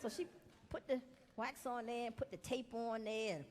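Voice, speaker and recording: A woman doing a stand-up set with animated, indignant storytelling that bursts into yelling. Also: fairly high pitch, normal speed, slight background noise. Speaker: stand-up comedian. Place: large comedy venue before audience. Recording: big hall with roaring audience.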